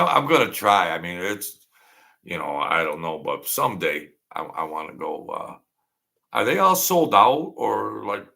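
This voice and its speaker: Gravelly and sharp in tone, this livestream host's voice sits on the low side. He chats loosely, calling out viewers by name and responding to what they write.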